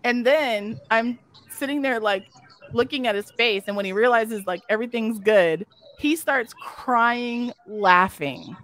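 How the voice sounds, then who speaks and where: A woman's voice: fairly high pitch, a little slow, a bit bright. A woman telling a story in casual chat, acting out quotes and swearing freely. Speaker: fashion show model telling a story. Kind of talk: casual chat, live stream.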